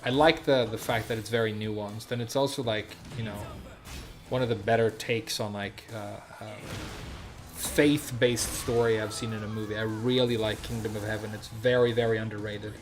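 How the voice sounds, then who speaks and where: A man's voice: lowish voice, fairly even intonation, moderate pace, soft background music. Young man rambling while streaming. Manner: rambling, loose, profane, lots of fillers. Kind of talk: casual chat while gaming.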